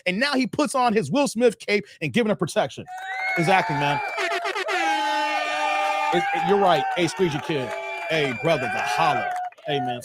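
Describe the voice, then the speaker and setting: A man's voice: high-pitched, no room sound, studio quality. A man hosting a live stream, casually reacting to a clip and reading out viewer donations with a playful, joking manner. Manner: playful, laughs often, talks to chat.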